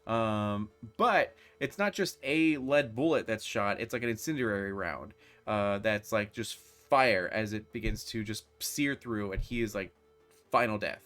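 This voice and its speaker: A man's voice: on the low side, unhurried, fairly bright tone, faint music behind. A man running a tabletop role-playing game as game master, narrating in a casual way with lots of fillers. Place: home streaming setup.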